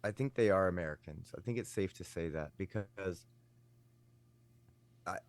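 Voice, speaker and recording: A man with a low voice co-hosting a podcast, chatting casually and laughing often. He eagerly eggs the others on, and the sound is dry and close. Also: measured pace, no echo. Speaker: podcast co-host. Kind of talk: casual chat.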